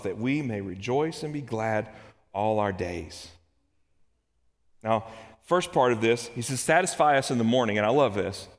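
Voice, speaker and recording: Pastor preaching, medium-pitched man, hushed to fervent, long church-hall reverb. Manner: animated preaching, swings from soft hushed reading to loud urgent outbursts. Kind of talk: sermon.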